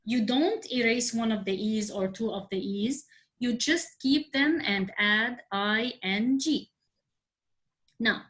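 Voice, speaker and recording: A woman with a slightly high voice teaches an English grammar lesson over a video call. She moves patiently through the rules, spelling out letters one at a time and pausing to ask whether her students are following. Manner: slow, spelled-out explanations with frequent check-ins. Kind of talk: online class teaching.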